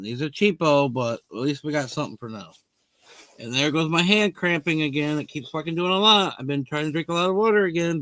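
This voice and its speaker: This is a man hosting a casual live stream. His voice is bright and fairly high, and he talks bluntly and swears without a second thought. The sound is close and dry. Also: dry recording. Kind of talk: casual chat with viewers.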